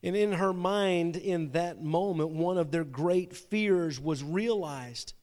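A man's voice: a little high, slow, darkish tone. A man preaching a sermon, retelling a story dramatically and often repeating his words. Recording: long reverb from a large hall.

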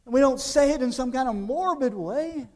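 High-voiced man preaching a sermon. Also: animated. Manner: conversational, asks the congregation rhetorical questions; swings between quiet, drawn-out phrases and loud emphasis.

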